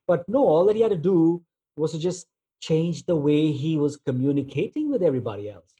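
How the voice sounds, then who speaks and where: A man giving a relaxed storytelling talk, using plenty of filler words as he tells everyday examples. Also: a little high, a little fast, breathy edge, muffled recording. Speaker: speaker on negotiation.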